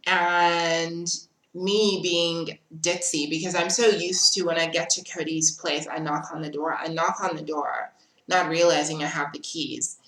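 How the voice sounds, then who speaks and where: Low, bright-toned woman in a roomy space. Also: a little slow. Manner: animated retelling, acting out the other people's lines. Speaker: vlogger. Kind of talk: personal storytelling vlog. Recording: roomy, echoey room.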